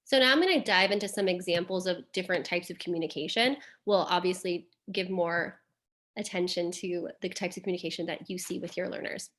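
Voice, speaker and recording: A woman's voice: on the low side, fairly quick, a bit bright. A woman presenting a caregiver webinar as a behavior analyst, explaining terms plainly with frequent "um" and "like". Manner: explanatory, uses fillers like "um" and "like".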